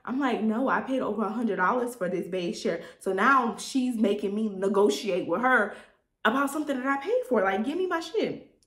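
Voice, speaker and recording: Young woman, animated storytime vlogger, echoey room. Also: a little high, moderate pace. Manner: animated, chatty, addresses viewers as y'all. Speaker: vlogger telling a story time. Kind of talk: casual storytime chat to viewers.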